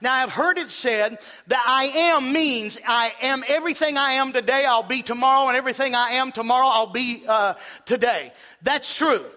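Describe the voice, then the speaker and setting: A male pastor preaching a sermon, emphatic and building up to shouts. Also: extremely high pitch, normal speed. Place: church. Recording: long reverb of a church hall.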